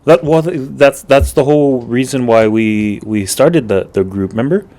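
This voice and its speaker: A man's voice: medium pitch, moderate pace, warm tone. A man co-hosting a podcast who chats casually, rambling and hesitant, often agreeing with his co-host. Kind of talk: casual chat.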